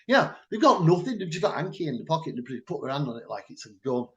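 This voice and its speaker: Animated Mancunian man telling a story. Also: a little high, fast talker, muffled recording. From Manchester, England. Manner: animated storytelling, loud and blunt. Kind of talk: casual chat.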